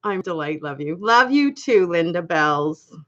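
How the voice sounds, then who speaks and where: A woman's voice: lowish voice, animated, measured pace, a bit bright. A woman hosting a casual livestream, chatting with viewers by name, laughing often, with a slight accent. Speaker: livestream host. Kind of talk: casual live chat reading comments. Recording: dull lo-fi livestream audio.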